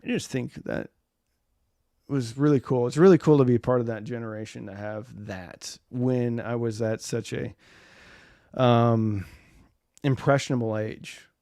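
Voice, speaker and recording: A man's voice: mid-range voice, measured pace, warm tone, no room sound. Casual male live-stream host, forties, rambling chat, dry close sound. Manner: rambling, reads viewer comments aloud.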